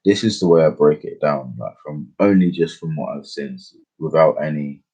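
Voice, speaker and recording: A young man tells a personal story in loose, slangy chat. He keeps circling back on himself with fillers and restarts. His voice sits low and slightly husky. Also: moderate pace, mellow. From England. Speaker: podcast host. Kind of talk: casual storytelling.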